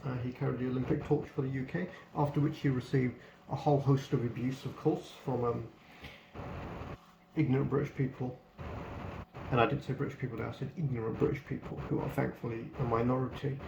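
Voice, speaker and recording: A man's voice: mid-range voice, flat delivery, fast, vocal fry. A man giving a casual spoken book review, blunt and opinionated, swearing freely. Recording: echoey room with faint background noise.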